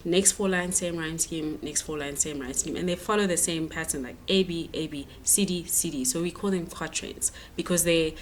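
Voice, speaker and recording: Woman teacher, low-pitched, halting exam-prep explainer, faint hiss behind. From South Africa. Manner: explains step by step, many fillers and restarts. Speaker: English teacher.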